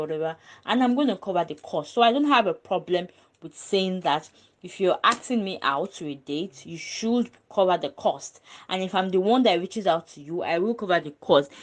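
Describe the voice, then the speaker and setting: Low-voiced woman, earnest and emphatic. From Nigeria. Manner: earnest and emphatic, with frequent ums and restarts. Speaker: panel guest. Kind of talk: casual panel discussion.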